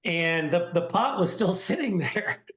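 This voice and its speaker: A man hosting a podcast, telling a story in casual chat with animated, self-mocking energy. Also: sits high, measured pace. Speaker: podcast host. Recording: roomy echo.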